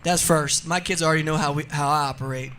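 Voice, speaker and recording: A man in his forties from New Jersey, a radio interview guest telling funny stories in a lively, laughing way. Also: a little high, quick pace, a little hiss or hum. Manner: animated, laughing storyteller. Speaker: guest, drag racer. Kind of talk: casual radio interview storytelling.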